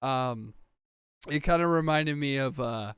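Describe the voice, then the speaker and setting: A man's voice: mid-range voice, measured pace, a bit bright, smooth, dry recording. A man casually recapping a TV episode on a podcast, rambling with fillers and acting out quoted lines. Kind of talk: casual chat.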